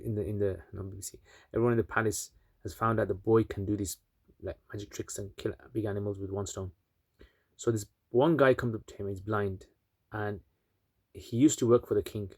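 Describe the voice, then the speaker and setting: A man's voice: fairly low pitch, steady tone, brisk, a little mellow, no echo, studio quality. A man casually retelling a religious story, chatty with many asides and fillers.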